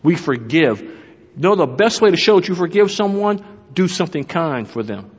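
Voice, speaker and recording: Husky-voiced man preaching in a hall. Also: a little high, big pitch swings, moderate pace. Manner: storytelling with humor, talks to the congregation. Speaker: pastor. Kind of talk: sermon. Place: church sanctuary. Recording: echoey hall, dull lo-fi sound.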